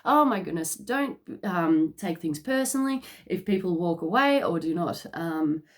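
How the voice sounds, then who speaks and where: A woman with a lowish voice talks through a psychic card reading in a loose, conversational way. She keeps checking in with her listeners and fills her pauses with little fillers as she goes. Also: lively intonation. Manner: chatty, peppered with "okay?" check-ins and fillers. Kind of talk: casual channelled reading to camera.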